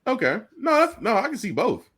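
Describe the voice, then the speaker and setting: A man's voice: high voice, huge pitch swings, a little fast, a bit bright, husky. A man co-hosting a casual chat, rambling and repeating words as he searches for them.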